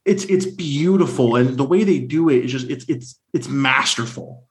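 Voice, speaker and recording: Animated man in casual chat. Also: medium pitch, normal speed. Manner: animated, jumps into silly voices for a line. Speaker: podcast co-host. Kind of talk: casual film discussion.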